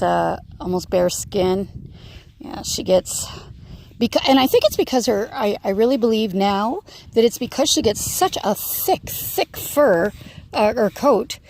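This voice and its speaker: Chatty, gravelly-voiced woman outdoors. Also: on the high side, darkish tone, a little hiss or hum. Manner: chatty, rambling, laughs often. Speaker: horse sanctuary keeper. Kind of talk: casual vlog. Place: outdoors with a horse.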